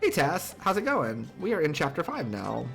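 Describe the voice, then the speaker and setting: A man streaming a video game, chatting casually with viewers in a relaxed, friendly way and reading its dialogue aloud. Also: fairly high pitch, normal speed, gravelly, faint music behind. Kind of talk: casual let's-play chat and game reading.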